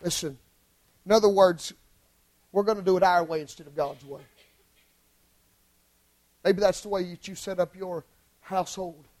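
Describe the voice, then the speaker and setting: A male preacher delivering an impassioned sermon in church, swinging from hushed lines to shouted ones. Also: high-pitched, steady tone, moderate pace, pauses often, rough recording.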